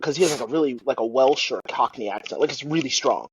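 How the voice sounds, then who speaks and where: A man's voice: medium pitch, fast talker, slightly rough, muffled recording. A married man co-hosting a podcast in casual chat, swearing and filling with ums and likes. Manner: swearing, filler-heavy rambling. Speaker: podcast co-host.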